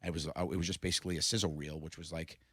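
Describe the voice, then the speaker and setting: Fast-talking, low-voiced man telling stories. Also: husky, dry recording, studio quality. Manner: animated storyteller, laughs often. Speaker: comedian guest. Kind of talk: casual interview storytelling.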